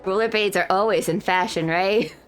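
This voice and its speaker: A woman's voice: mid-range voice, moderate pace, faint music behind. A woman streamer in casual chat, feeling a bit unwell, rambling and correcting herself with frequent laughs.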